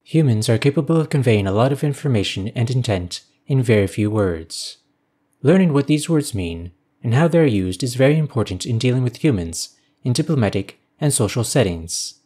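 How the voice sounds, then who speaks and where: A man's voice: medium pitch, expressive, moderate pace, warm tone, husky. A man voicing a formal alien lecturer. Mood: didactic. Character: alien lecturer teaching a class about humans, formal and didactic.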